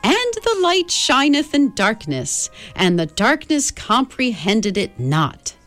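A wise old being, read by a woman, reciting in a raised, solemn, ringing voice. The words come slow and ceremonial in a storybook telling. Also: fairly high pitch, huge pitch swings, a bit bright, soft background music, voice pushed up, heavily acted.

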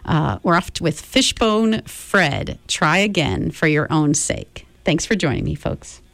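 A woman radio host reads a story aloud expressively and chats casually between songs. Her reading is slow with a lively, moving pitch and a fairly low voice. The sound is dry and close. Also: gravelly, dry recording. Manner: warm and expressive reader, chatty between songs.

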